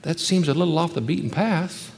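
A man delivering a sermon in a light, high-pitched voice. He preaches emphatically, rising into loud rhetorical questions and then sinking to soft, hushed stretches. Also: fairly quick, creaky, big-room sound. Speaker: pastor.

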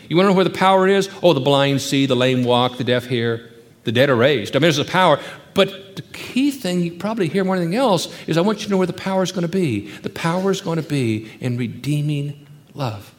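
A man delivering a sermon in a light, high-pitched voice. He preaches emphatically, rising into loud rhetorical questions and then sinking to soft, hushed stretches. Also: a little fast, big-room sound. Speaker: pastor.

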